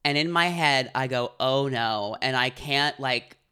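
Young woman co-host, bright tone, animated storyteller in a casual chat. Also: extremely low pitch, measured pace, clear, resonant tone. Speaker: podcast co-host.

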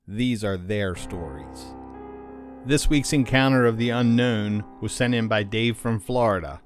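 A man hosting a podcast, reading a scripted narration in a measured, serious way. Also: lowish voice. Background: music.

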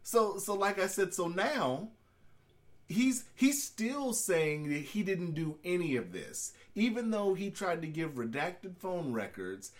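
Animated, cussing podcast co-host man. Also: high voice, takes it slowly. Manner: animated, profane, laughs often. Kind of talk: casual chat.

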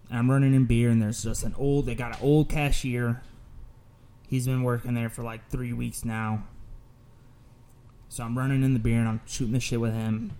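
Profane, animated male storyteller. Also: mid-range voice. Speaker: podcast host. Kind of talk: casual storytelling.

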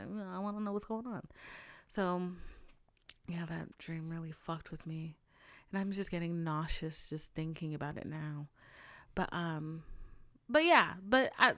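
A woman's voice: fairly low pitch, dry recording. A woman hosting a casual solo podcast, telling a story with lots of profanity, drama and sudden drops into whispers. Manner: animated, profane, dramatic swings into loud outbursts and whispers. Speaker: podcast host.

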